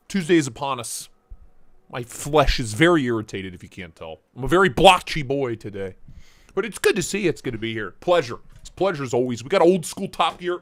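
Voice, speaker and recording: A man's voice: mid-range voice, big pitch swings, fairly quick, fairly bright tone. Playful man hosting a live stream. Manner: playful, jokey, reads chat names aloud. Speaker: livestream host. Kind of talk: casual live stream chat greeting viewers.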